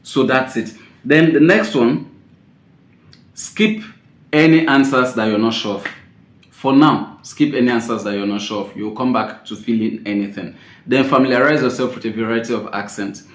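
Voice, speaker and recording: A male exam-prep teacher talks through test tips with firm emphasis, often repeating himself and leaping up in loudness on key words. His voice sits at an ordinary middle pitch. The room around him is noticeably roomy and echoing. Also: normal speed. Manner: emphatic, repeats key points, sudden loud stresses. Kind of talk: spoken tips lesson. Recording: roomy echo.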